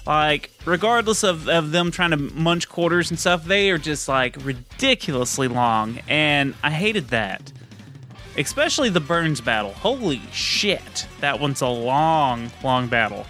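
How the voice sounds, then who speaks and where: Guy cohosting a podcast, rambly and sweary, bright voice, faint music behind. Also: on the high side, lively intonation, a little slow. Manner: rambling, profane, with frequent fillers and laughs. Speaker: podcast co-host. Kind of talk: casual podcast chat.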